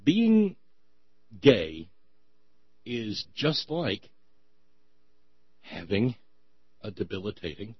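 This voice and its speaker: Sarcastic male host of a satire segment; husky voice, close dry mic. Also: on the low side, wildly swooping pitch, very slow, long pauses, no echo, highs cut off. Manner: sarcastic, mocking, stumbling restarts. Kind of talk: satirical comedy monologue.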